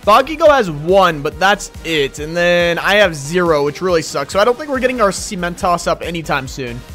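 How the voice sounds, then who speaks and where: A man commentating his own gameplay while sick and losing his voice, excitable and hoarse, repeating short calls as he plays. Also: high voice, soft background music. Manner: excitable, quick reactions, repeats short phrases. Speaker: gaming YouTuber.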